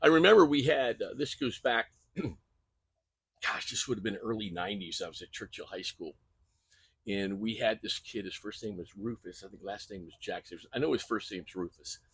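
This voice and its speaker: A man's voice: fairly low pitch, animated, moderate pace, fairly bright tone, slightly rough, dry recording. An older man, a coach, telling stories in an earnest, emphatic way during an interview. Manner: earnest, emphatic storytelling with repeated phrases. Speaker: guest coach. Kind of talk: conversational interview.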